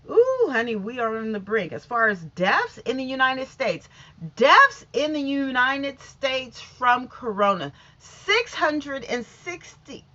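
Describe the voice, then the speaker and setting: Woman vlogger, lively and scattered, casual news recap on a dull-sounding mic. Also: high-pitched, slow. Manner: chatty, scattered, talks straight to viewers. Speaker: YouTube vlogger.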